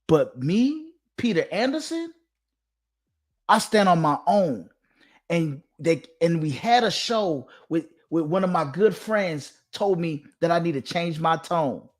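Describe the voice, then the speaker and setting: A man with a fairly high-pitched voice hosts his own channel, speaking directly to his audience. He lectures emphatically, hammering the same points again and again as he addresses his listeners head-on. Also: lively intonation, slow. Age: adult, father of two. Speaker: channel host giving dating commentary. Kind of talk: direct-to-camera monologue.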